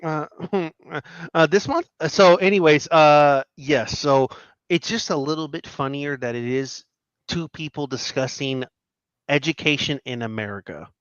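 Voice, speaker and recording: A man hosting a casual political commentary show, reacting to clips in an animated, mocking way. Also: a little high, a little slow, smooth, no room sound, muffled recording.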